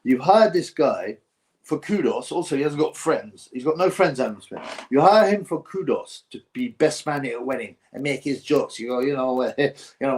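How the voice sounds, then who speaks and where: A man's voice: mid-range voice, animated, moderate pace, darkish tone. Rambling, mocking man on a boxing stream. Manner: rambling and mocking, breaks into mimicry and chuckles. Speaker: boxing live-stream host. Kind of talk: casual live-stream chat reading viewer comments.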